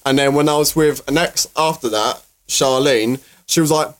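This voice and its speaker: A young man, a rapper guest telling stories in casual podcast chat, animated and full of fillers. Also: medium pitch, normal speed. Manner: animated storyteller, mimics voices, many fillers.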